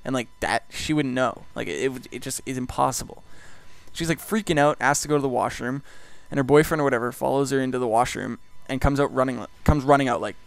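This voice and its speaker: A man's voice: medium pitch, fast, creaky, no echo. A young man, rambling through a profane anecdote full of "like". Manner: rambling, profane, heavy use of "like". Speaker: vlogger host. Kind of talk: casual storytelling.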